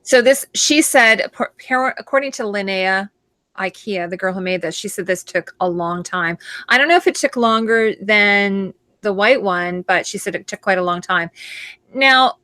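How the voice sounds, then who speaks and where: A woman from Canada hosts a loose live chat, her voice bright and forward. She rambles and restarts her sentences as she goes. The sound is dry and close, with almost no room around it. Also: medium pitch, moderate pace, no echo. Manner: chatty, rambling, frequent restarts and fillers. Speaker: host. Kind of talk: casual live-stream chat.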